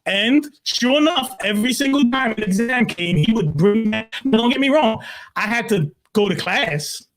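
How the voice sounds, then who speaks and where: A man in his sixties from Brooklyn, a pastor telling his life story in an interview, emphatic and animated, leaning on "literally" and acting out his own quotes. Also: very high voice, normal speed, faint music behind. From Brooklyn, New York. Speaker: pastor, guest.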